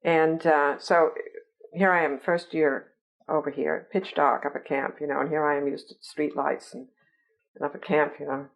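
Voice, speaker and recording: An older woman with an English accent, telling stories in an oral history interview, lively and full of fillers. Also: sits low, normal speed, creaky, highs cut off. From England. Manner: lively, teasing storyteller with many fillers.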